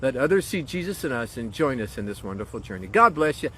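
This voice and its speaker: A man's voice: mid-range voice, very animated, fast talker, fairly bright tone, a little hiss or hum. A man speaking as a pastor in a short devotional message, earnest and encouraging, leaning on key phrases.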